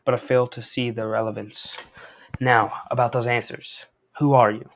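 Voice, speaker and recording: The gray Hulk, read out by a man from a comic, a huge brute who stays calm. He trades dry puns and taunts in an unhurried tone. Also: medium pitch, slight background noise, lightly acted. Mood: calm taunting. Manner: calm, wisecracking lines. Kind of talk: reading comic dialogue aloud.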